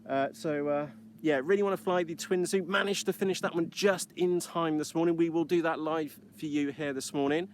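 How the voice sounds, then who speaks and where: Chatty brit guy with a fairly high voice, loose rambling livestream talk from a field on an ipad. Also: steady tone, normal speed, a little hiss or hum. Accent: British. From United Kingdom. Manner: chatty, rambling, cheeky, with lots of uhs. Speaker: livestream host flying model aircraft. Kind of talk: casual live-stream chat. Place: outdoors in a field.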